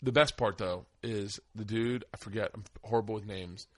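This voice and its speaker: A man's voice: fairly low pitch, normal speed. A middle-aged man hosting a casual podcast chat, telling rambling, profane stories and acting out the people in them. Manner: rambling, profane storyteller, acts out quoted voices. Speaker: podcast host.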